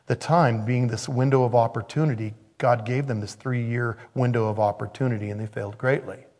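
A man preaching a sermon, telling stories in an animated way and acting out the voices in them. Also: mid-range voice, brisk. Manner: animated storytelling, acts out quoted voices.

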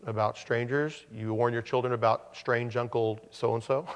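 Pastor preaching in a reverberant hall. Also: male voice, mid-range voice, fairly even intonation, moderate pace. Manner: conversational, joking asides. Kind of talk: sermon.

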